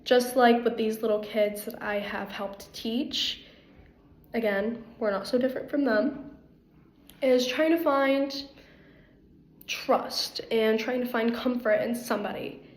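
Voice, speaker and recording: A woman's voice: a little high, steady tone, slow pace. Earnest young woman in an echoey room. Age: young adult. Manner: earnest, rambling with fillers. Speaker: applicant for first year guide. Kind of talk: recorded interview answers.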